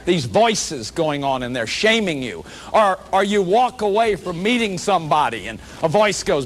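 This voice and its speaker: A man's voice: sits high, big pitch swings, normal speed, hardly any pauses. A man giving a public lecture as a workshop leader, earnest and emphatic, often repeating words as he restarts.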